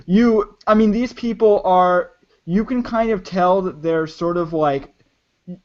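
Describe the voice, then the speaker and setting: A man's voice: high voice, a little slow. Hesitant man running a tabletop game. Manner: hesitant, many restarts and fillers. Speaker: game master. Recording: dull lo-fi audio.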